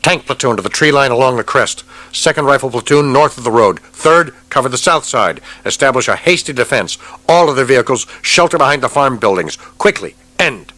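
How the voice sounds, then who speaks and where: A man's voice: mid-range voice, expressive, a little fast, pushed and bright, no room sound, pitched above the performer's own voice. A man voicing a tense Soviet captain. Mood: commanding. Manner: clipped urgent orders. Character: tense Soviet army captain under fire.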